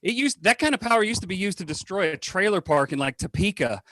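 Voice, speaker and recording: A brash man tears through a stand-up set with a profane, punchy delivery. His voice sits a bit high for a man. The sound is dry and close, with almost no room in it. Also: lively intonation, fast talker, a bit bright, no room sound. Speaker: stand-up comedian. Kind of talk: stand-up routine. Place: home over a video call. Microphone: computer or phone mic on a video call.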